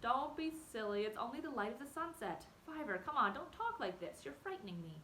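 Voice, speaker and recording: A woman voicing a young male rabbit in a storybook, steady and caring, reassuring and firm. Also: a little high, a little fast, a little hiss or hum, low-quality recording.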